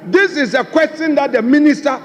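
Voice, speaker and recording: Man, minority leader, high urgent voice, heated floor debate; long chamber reverb. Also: a little fast. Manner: insistent, repeating his points forcefully. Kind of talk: parliamentary debate. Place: large parliament chamber.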